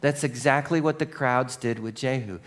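Animated pastor preaching. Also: male voice, medium pitch. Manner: animated, asks the congregation many questions; drops to a quiet, slow voice for solemn points. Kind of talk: sermon.

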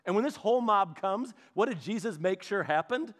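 A male preacher retells a story with playful, animated energy and quick asides to his listeners. His voice sits high and swings widely in pitch, bouncing from hushed narration to bright emphasis.

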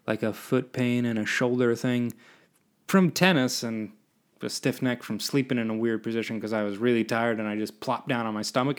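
Rambling young podcast host. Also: male voice, mid-range voice, brisk, gravelly. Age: 20s. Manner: rambling, self-deprecating, drifting between topics. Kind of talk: solo podcast monologue.

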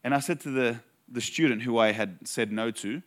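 A man's voice: mid-range voice, a bit bright. Earnest man preaching a story sermon. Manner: earnest, conversational storytelling with slow emphatic phrases. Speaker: pastor.

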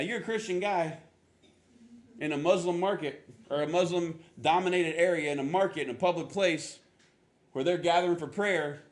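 During a sermon, a man serving as pastor animatedly narrates a story. He performs the quotes with abrupt pitch jumps and drops in self-mocking remarks.

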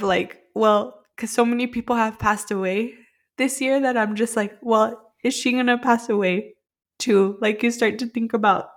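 Heartfelt woman talking in rambles. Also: medium pitch. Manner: heartfelt, rambling, many "like" fillers. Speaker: podcast co-host. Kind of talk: personal conversational storytelling.

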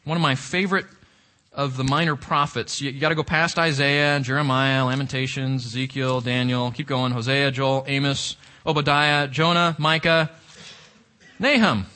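Bright-voiced emphatic male preacher. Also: mid-range voice, little pitch movement, moderate pace. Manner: emphatic preaching, rhetorical questions to the congregation. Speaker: pastor. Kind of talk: sermon.

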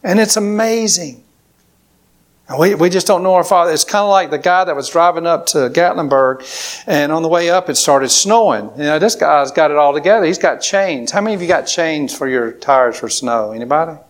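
A man's voice: fairly high pitch, moderate pace. A man preaching a sermon to a congregation, emphatic, with repetitions and call-and-response. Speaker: pastor.

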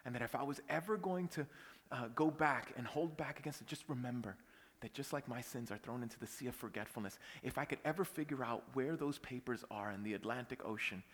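A pastor preaching a sermon, telling a personal story that swings from hushed whispers to loud outbursts. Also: male voice, mid-range voice, big-room sound.

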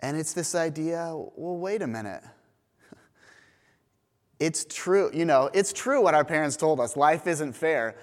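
Slow-speaking preacher man in a reverberant church. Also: fairly high pitch. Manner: storytelling, animated retelling. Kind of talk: sermon. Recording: long reverb of a church hall.

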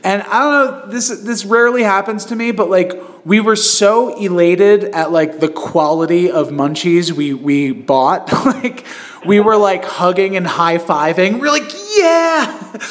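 A podcast host chats casually, his voice a little high for a man. He rambles through stories at a measured pace, full of fillers and restarts, laughing along the way.

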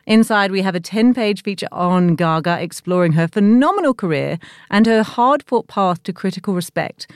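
A woman hosts a podcast in an upbeat, enthusiastic way and laughs easily. Her voice sits at an ordinary middle pitch, and the sound is dry and close with no room echo. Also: expressive, moderate pace, clean tone. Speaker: podcast host. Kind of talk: scripted intro then casual interview chat.

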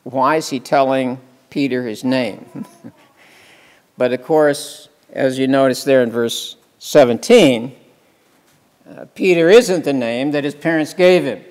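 A man delivers a sermon at a slow, deliberate pace, stressing words for emphasis and putting questions to his listeners. His voice sits at an ordinary pitch and carries a long hall reverb. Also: a little mellow. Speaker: pastor.

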